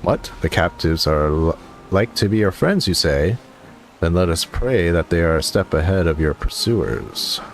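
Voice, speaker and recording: A man voicing a brisk male fortress officer, reading game dialogue in a businesslike way. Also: low voice, animated. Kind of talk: game dialogue read aloud.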